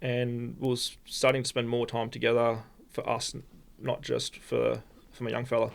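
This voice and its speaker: An Australian man, a podcast guest, telling a personal story in a halting, rambling way with many restarts. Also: mid-range voice, monotone, gravelly. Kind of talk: casual storytelling.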